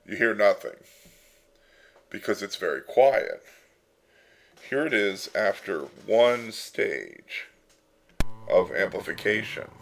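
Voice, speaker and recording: A man's voice: on the low side, expressive, slow pace, gravelly, long pauses, fairly bright tone. A man at a home workbench giving a casual hands-on electronics tutorial, with wry asides while he tinkers, sometimes heard through his breadboard microphone circuit. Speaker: electronics hobbyist demonstrating a circuit. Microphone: desktop mic, at times heard through a breadboard circuit. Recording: circuit distortion and synth tones behind.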